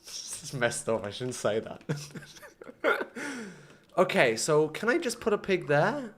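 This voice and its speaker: A young man commentating his own gameplay live, excitable and self-mocking, talking to chat. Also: a little high, a little slow. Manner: excitable, self-mocking, swings between frustration and laughter. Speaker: gaming streamer.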